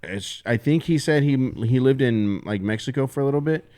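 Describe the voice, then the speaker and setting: A young adult man co-hosting a podcast, chatting in an animated, slangy way. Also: medium pitch, fairly quick. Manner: animated, slangy, says bro and dude. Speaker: podcast co-host. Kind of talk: casual chat.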